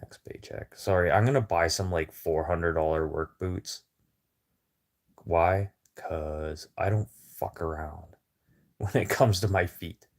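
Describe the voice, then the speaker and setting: A man talks with his viewers into a phone in a loose, rambling way, swearing freely and speaking bluntly. His voice sits a little low. He takes his time, drawling slowly through each thought. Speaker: livestreamer chatting with viewers. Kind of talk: casual rambling chat.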